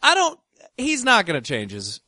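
A man trades sarcastic, exasperated quips as a podcast co-host. His voice sits fairly high and jumps around animatedly. It is recorded dry and close. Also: wildly swooping pitch, normal speed, pushed and bright, dry recording. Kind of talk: casual banter.

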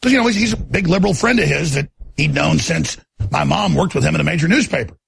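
A man telling a story on a podcast in a casual, animated way, acting out the people in it. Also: fairly high pitch, quick pace, dry recording. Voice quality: gravelly, raspy. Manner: animated, acts out voices in his story.

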